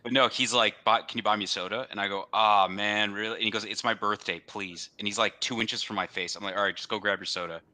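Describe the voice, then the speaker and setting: A man's voice: lowish voice, steady tone, bright, forceful tone. A man in a casual chat who jokes, swears often and acts out what people said. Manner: quick, joking, swears often.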